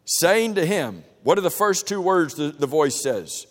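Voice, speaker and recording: A man's voice: a little high, very animated, measured pace. A man teaching an interactive Bible class in a church room, reading verses and questioning the group in a casual, conversational way with frequent restarts. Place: church meeting room with a projector. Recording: long reverb of a large room.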